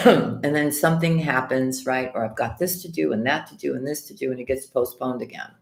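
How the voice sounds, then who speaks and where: A woman hosting a live tarot stream, greeting viewers by name and calling them sweetheart and honey, her voice slightly hoarse with the odd cough. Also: extremely low pitch, moderate pace, slight background noise. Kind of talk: casual live-stream chat and tarot reading. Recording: echoey room.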